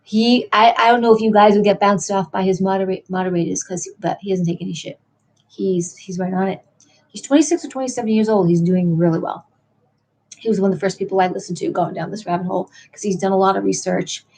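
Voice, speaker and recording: A woman's voice: medium pitch, fairly even intonation, fast talker, darkish tone. A middle-aged woman hosting a late-night livestream, chatting in a meandering way and answering viewers in the chat. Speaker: livestream host.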